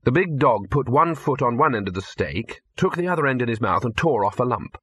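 Husky bright-voiced male narrator. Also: mid-range voice, animated, brisk, no room sound. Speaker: audiobook narrator. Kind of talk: scripted narration.

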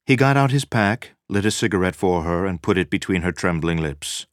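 A man reading a novel aloud as narrator, measured and dramatic. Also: deep voice, lively intonation, no echo, clean studio sound. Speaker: audiobook narrator. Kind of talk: scripted narration.

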